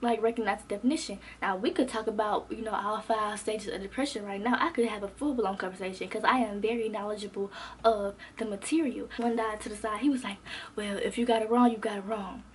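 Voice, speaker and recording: A young adult woman vlogger telling a casual storytime, animated and slangy, acting out what others said. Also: mid-range voice, quick pace, a little hiss or hum. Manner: animated, expressive, slangy, acts out quotes.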